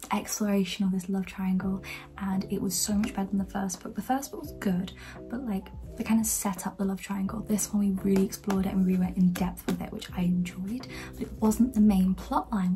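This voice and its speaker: Young woman, soft mellow whispering. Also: mid-range voice, rough recording. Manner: often whispering late at night, enthusiastic. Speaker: book vlogger. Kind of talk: casual book review vlog.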